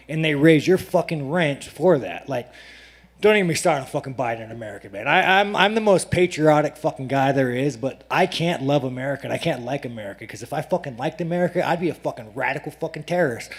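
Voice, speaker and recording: A male fighter answering reporters at a media day scrum, brash and profane, ranting and laughing between answers. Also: on the high side.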